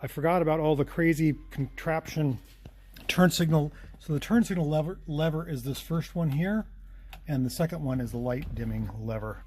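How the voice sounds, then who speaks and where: A man's voice: on the high side, moderate pace. A man casually narrating his work on an old car, matter-of-fact and slightly out of breath. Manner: matter-of-fact, talks while working. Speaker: mechanic vlogger. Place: garage and then driving a small car. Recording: noisy engine background.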